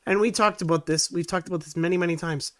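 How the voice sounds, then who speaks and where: A man's voice: sits high, fairly even intonation, fast talker. A man with a scratchy voice co-hosting a casual opinion podcast, blunt and scornful. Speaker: podcast co-host.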